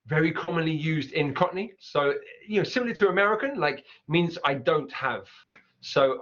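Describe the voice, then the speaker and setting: Coach, fairly high voice, repeats example words, dull lo-fi audio. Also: male voice, fairly bright tone. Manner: repeats words slowly to demonstrate. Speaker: accent teacher. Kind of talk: explaining pronunciation over clips. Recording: dull lo-fi sound.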